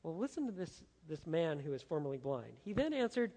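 High, lively preaching man in a reverberant hall. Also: fairly quick, hardly any pauses. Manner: emphatic, dramatic, acts out the quotes. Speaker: pastor. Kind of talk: expository sermon.

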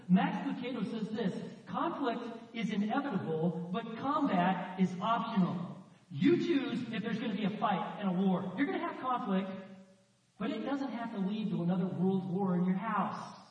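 A man preaching a sermon with animated storytelling, acting out the voices in his stories. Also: high voice, moderate pace. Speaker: pastor. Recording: echoey hall from far off, dull sound.

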